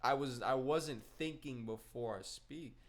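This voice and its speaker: A man's voice: medium pitch, measured pace. A young man chatting casually while gaming, telling a long rambling story with slang and swearing. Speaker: gaming streamer.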